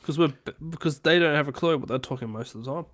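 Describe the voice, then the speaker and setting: Man in relaxed podcast banter. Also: a little high, quick pace. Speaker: podcast co-host. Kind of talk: casual chat.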